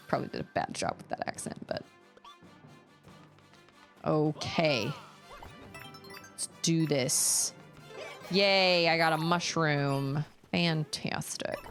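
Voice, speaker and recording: A woman talking through a live game stream, her pitch leaping up and down as she reacts. She chats loosely between quick exclamations, with faint game music playing behind her. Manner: chatty, animated, quick to exclaim. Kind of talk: live-stream gaming commentary.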